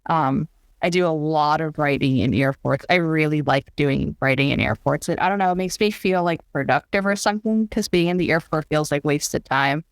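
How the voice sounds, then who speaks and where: A woman author chatting as a podcast guest, animated and acting out little quotes. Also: deep voice, normal speed, no room sound. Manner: animated, acts out quotes in funny voices. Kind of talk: casual interview chat.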